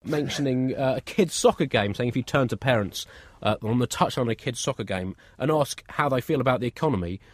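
A man's voice: medium pitch, lively intonation, brisk, few pauses, no room sound. A man co-hosting a satirical comedy show, delivering dry, absurdist jokes. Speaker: comedy co-host.

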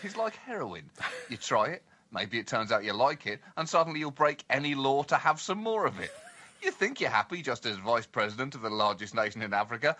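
A man co-hosting a comedy podcast, with animated, mock-indignant comic delivery. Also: medium pitch, a little fast. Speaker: co-host.

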